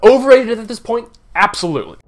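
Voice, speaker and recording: Man, high voice, casual movie reviewer, blunt, opinionated, ranting, animated pitch swings. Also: fast, background noise.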